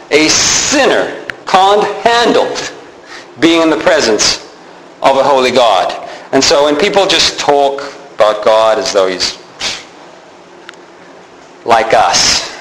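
A man's voice: medium pitch, roomy sound, slight background noise, low-quality recording. A man preaching a sermon, telling stories with energy and acting out the people in them. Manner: animated storytelling, acts out the people in his stories.

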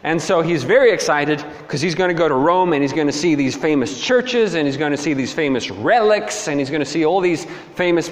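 A man preaching a sermon as a dramatic storyteller, swinging between hushed and emphatic. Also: on the high side. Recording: long hall reverb.

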